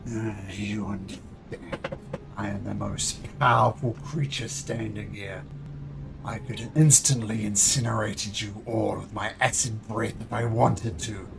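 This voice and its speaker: A man's voice: lowish voice, fairly even intonation, unhurried, gravelly, noisy background. A man voicing a proud, boastful black dragon who talks down to others in a grand, commanding way.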